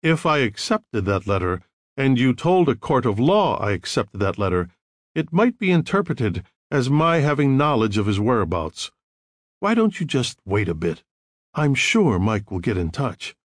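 A calm, evasive male lawyer, voiced by a male narrator, smooth and measured. He sits in the narrator's own mid-pitched register. The sound is dry and close. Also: no room sound. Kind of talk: audiobook narration.

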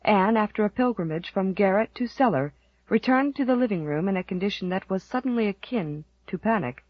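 A woman narrating an audiobook with expressive, dramatic storytelling. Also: medium pitch, fairly quick, no echo, highs cut off. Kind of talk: scripted narration.

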